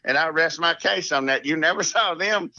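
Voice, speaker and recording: A man's voice: on the high side, normal speed, sharp tone, no echo, muffled recording. A middle-aged man with an Alabama Southern accent, a podcast guest telling rambling, salty country stories with frequent laughs. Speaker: guest, golf professional. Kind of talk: casual podcast storytelling.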